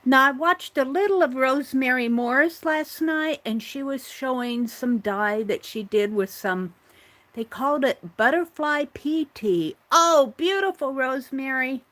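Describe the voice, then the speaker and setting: A woman's voice: sits high, measured pace, a bit bright. Chatty woman at her craft table. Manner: chatty, talks to herself while working. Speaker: art vlogger hosting a morning livestream. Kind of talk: casual chat while crafting.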